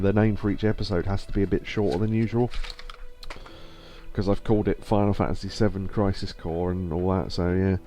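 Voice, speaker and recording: A man's voice: lowish voice, warm tone. A man with a stuffy nose casually chatting through a live game stream, rambling to himself and reading mission text aloud. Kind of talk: casual live gameplay commentary. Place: home streaming setup.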